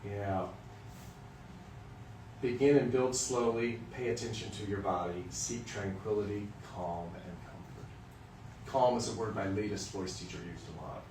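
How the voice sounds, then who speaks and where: A voice teacher from Western Kansas lectures music students candidly, joking and telling stories at a measured pace. His voice is on the low side with a darkish tone, and a distant mic gives roomy sound with a little hiss or hum.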